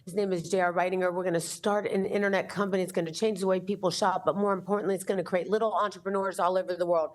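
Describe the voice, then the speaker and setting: Fifties woman telling her story on an interview show, acts out all the lines, lowish voice. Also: very fast, hardly any pauses. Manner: animated, acts out the dialogue in her stories. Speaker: entrepreneur and author, guest.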